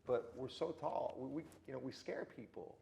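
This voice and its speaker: A man's voice: medium pitch, normal speed, gravelly, a little hiss or hum. A man telling stories in a casual interview, acting out the people he quotes. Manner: animated anecdote teller, acts out quotes. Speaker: interview guest. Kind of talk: casual storytelling.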